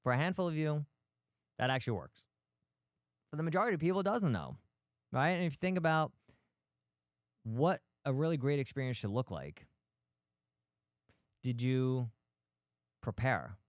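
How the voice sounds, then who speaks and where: Man, talk host, blunt, rhetorical questions, smooth resonant voice, dry recording. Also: mid-range voice, big pitch swings, moderate pace, pauses often, no echo. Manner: blunt, emphatic, rhetorical questions, mild swearing. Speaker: podcast host, physical therapist. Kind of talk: animated talk to practice owners.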